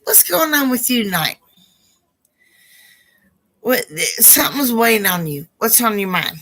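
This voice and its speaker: A woman hosting a live psychic Q&A stream, chatty and affectionate with her viewers, her voice hoarse and rough. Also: a little high, big pitch swings, measured pace, sharp tone.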